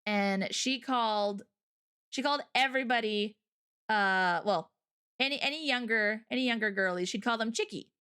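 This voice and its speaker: A woman's voice: on the high side, normal speed, fairly bright tone, clear, resonant tone. A woman hosting a livestream, chatting casually and rambling through stories and viewer comments, often breaking into laughter. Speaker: livestream host.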